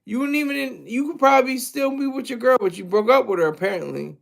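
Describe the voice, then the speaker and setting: Streamer type: man with a high, gravelly voice, crude and mocking, rambling livestream rant. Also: fast.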